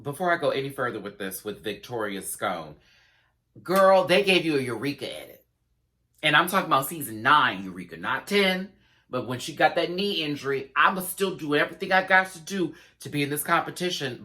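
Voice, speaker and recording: A man giving a casual, sassy review of a show, acting out quotes in dramatic voices and laughing often. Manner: sassy, animated, acts out quotes with big pitch jumps.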